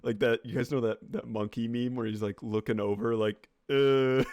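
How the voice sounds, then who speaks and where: A man's voice: mid-range voice, steady tone, moderate pace, a little mellow, no room sound. A young man co-hosting a podcast, telling a story in rambling casual chat and laughing as he goes. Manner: rambling, laughs through his story, many restarts. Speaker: podcast co-host.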